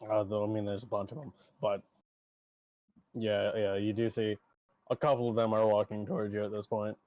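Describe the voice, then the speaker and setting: A man's voice: on the low side, flat delivery, normal speed, no room sound, lo-fi sound. A man narrating as game master in a tabletop game, rambling and laughing often.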